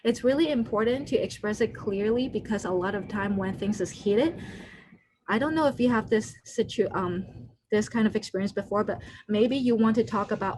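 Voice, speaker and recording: Presenting a skills workshop online from home, this woman speaks at a moderate pace in a medium, somewhat mellow voice. She talks loosely and off the cuff with lots of fillers, performing brief quoted lines now and then. Her computer mic on the video call gives a low-quality sound with a bit of background noise.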